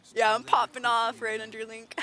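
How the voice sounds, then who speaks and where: A woman's voice: a little high, fairly quick. A young adult woman streaming a game, chatting casually and acting out the people she quotes as she tells her stories. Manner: animated storytelling, acts out the people she quotes. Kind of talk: casual livestream chat.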